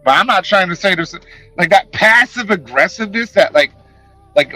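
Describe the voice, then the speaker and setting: A man chatting casually on a live stream, talking in an animated, passionate way and swearing freely, speaking into a headset. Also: high-pitched, moderate pace, low-quality recording. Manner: animated, passionate, profane talk.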